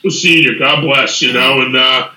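A man hosting a casual chat, telling an animated story, swearing freely and acting out what people said. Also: mid-range voice, moderate pace. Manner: animated, swears freely, retells scenes in quoted speech. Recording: echoey room.

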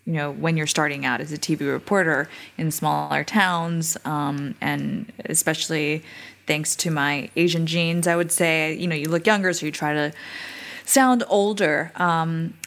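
A woman's voice: sits low, fairly even intonation, moderate pace, gravelly, a bit bright. A woman who grew up on Guam, a former TV reporter with a polished broadcaster delivery, chatting on a panel. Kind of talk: casual panel chat.

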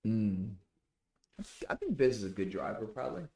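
A man's voice: fairly low pitch, big pitch swings, moderate pace, dark tone. A man guesting on a podcast in casual chat, joking, asking questions and swearing casually. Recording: roomy echo.

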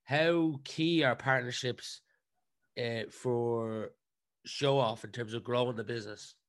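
Stammering podcast host. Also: male voice, mid-range voice. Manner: halting, stammering starts. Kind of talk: interview questions.

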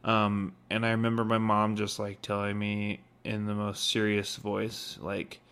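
A young man co-hosting a podcast, talking in an earnest, reflective way, pausing and filling with "like.". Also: on the low side, monotone, fairly bright tone, clean tone. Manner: earnest, reflective, halting with many "like" fillers. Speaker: podcast co-host. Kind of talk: casual conversation.

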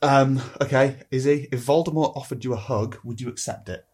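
A woman fires off quickfire quiz questions on a podcast, brisk and stifling laughs as she goes. Her voice is unusually deep and husky, with a breathy edge. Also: steady tone, darkish tone. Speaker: quiz master.

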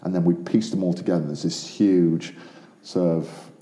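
A man with a very low, mellow voice chats casually as a podcast co-host. He rambles and uses lots of fillers. The sound is roomy and echoey. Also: steady tone, normal speed. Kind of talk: casual chat. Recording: echoey room.

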